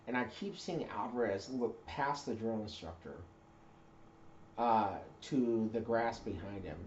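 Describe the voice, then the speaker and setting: A man's voice: fairly low pitch, a little slow, a little mellow, slight background noise. Man rambling through an echoey story. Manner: rambling, many fillers and self-corrections. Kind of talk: casual storytelling. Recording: roomy dull recording.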